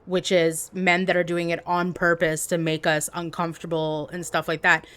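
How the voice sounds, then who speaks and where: A woman livestreamer telling stories in casual chat, animated and peppered with "like". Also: fairly low pitch, moderate pace, clean tone. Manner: animated, heavy use of "like".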